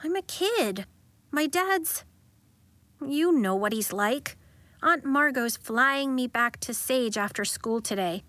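A woman's voice: high-pitched, animated, takes it slowly, bright, forceful tone, no room sound, pitched above the performer's own voice, heavily acted. A woman voicing a young schoolgirl who mumbles glumly in a storybook reading. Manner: mumbling, downcast. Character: young schoolgirl, glum and reluctant.

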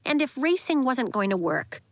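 A woman narrating a children's story in a lively, expressive way. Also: high-pitched, normal speed, dry recording. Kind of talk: audiobook narration.

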